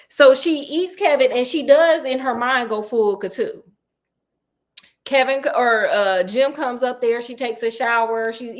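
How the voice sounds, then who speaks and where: A woman casually recapping a horror novel, animated and playful, acting out characters' lines in quick asides. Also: a little high. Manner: playful and sassy. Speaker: book recap host. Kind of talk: casual book recap storytelling.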